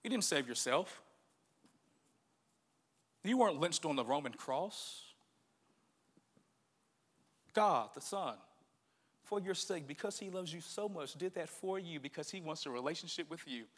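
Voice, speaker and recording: A male pastor preaching a sermon, animated and swinging from hushed to loud. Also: fairly high pitch, unhurried, pauses often.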